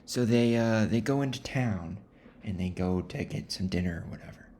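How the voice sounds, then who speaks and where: Low-voiced man rambling through a story. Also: moderate pace, slight background noise. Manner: rambling, offhand, deadpan asides. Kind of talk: comic casual book retelling.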